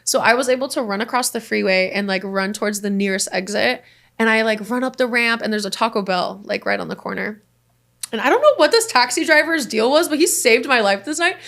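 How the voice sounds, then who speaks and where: A young woman guest in casual conversation, telling a story in an animated way and acting out the voices of the people in it. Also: on the high side, brisk, creaky. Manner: animated, acts out voices in her stories.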